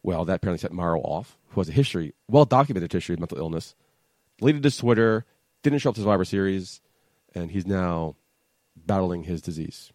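A man co-hosting a casual podcast, talking with a flat, monotone voice. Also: sits low, brisk, no room sound. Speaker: podcast co-host. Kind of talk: casual chat.

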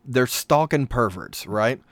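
A young man telling a childhood story in a casual chat, animated and self-mocking, with quick asides. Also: mid-range voice, no room sound.

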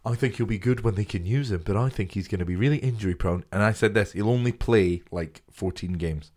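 A man's voice: on the low side, darkish tone. A man co-hosting a podcast in casual chat, swearing a lot and mocking himself. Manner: self-mocking, heavy swearing, slow drawl. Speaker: podcast co-host.

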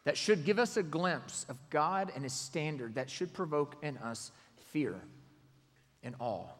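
A man preaching a sermon, swinging from loud exclamations to hushed near-whispers. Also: on the high side, expressive, unhurried, in a large hall.

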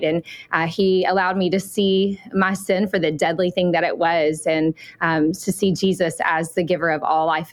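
A Southern-accented woman in her forties speaks as a guest in an interview. Her voice sits fairly low, and she talks earnestly, often pausing on "um" as she gathers her thoughts. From Alabama. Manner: earnest, many "um" fillers. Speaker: missionary guest. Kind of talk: interview conversation.

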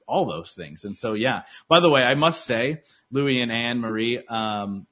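A man's voice: medium pitch, animated, a little slow, few pauses, bright, forceful tone. A man talking as a podcast guest in casual interview chat, earnest and motivational, with lots of likes and restarts. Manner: earnest, motivational, filler-heavy.

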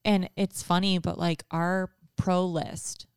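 A woman's voice: on the low side, level tone, slow pace, clear, resonant tone, dry recording, studio quality. A woman in her thirties chatting casually, telling a story and acting out quotes. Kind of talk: casual chat.

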